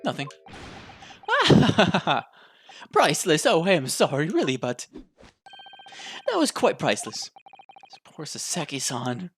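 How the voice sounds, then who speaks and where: A woman's voice: low voice, huge pitch swings, slow pace, pauses often, soft background music, exaggerated voice. Woman doing a pompous eccentric detective. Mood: amused. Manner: grand, airy and theatrical.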